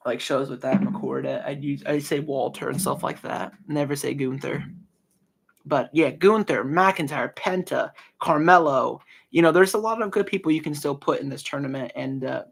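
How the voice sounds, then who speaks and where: A man's voice: mid-range voice, vocal fry, breathy edge. A young man in his early twenties hosting a casual solo podcast, talking earnestly with many fillers and restarts. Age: early 20s. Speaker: podcast host.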